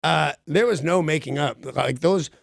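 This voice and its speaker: A man's voice: normal speed, creaky, no room sound, studio quality. A man hosting a radio show, telling a story with lots of energy, laughing at himself and acting out every quote in a jumpy voice. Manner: excitable, self-mocking, acts out quotes with big pitch jumps. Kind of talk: animated storytelling chat.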